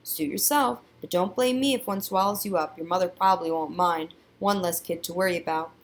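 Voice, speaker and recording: A woman voicing a joking father who teases his son in a deadpan, serious-sounding way, in a storybook read-aloud. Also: fairly low pitch, a little fast, a little hiss or hum, lightly acted. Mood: teasing. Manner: deadpan teasing.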